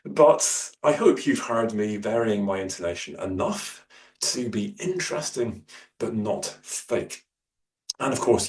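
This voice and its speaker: A man's voice: mid-range voice, animated, measured pace. Hesitant man lecturing from across a roomy space. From Scotland. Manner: hesitant, many fillers, varies loudness and pace. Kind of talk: workshop talk on public speaking. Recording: roomy, distant mic, faint hum.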